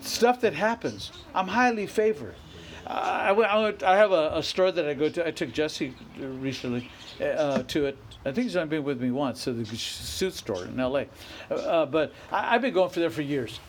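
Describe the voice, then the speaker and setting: A middle-aged man preaches in a high-pitched voice, driving his points home with repetition and rising emphasis. He speaks as a pastor delivering a sermon. A faint noise sits under the recording. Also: expressive, moderate pace, low-quality recording. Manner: emphatic preaching with repeated phrases and rising outbursts.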